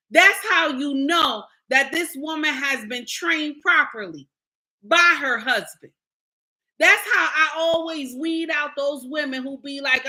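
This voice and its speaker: The voice is high-pitched, bright, and forceful, belonging to a middle-aged woman content creator. Her livestream commentary rant lectures and scolds viewers bluntly and preachily.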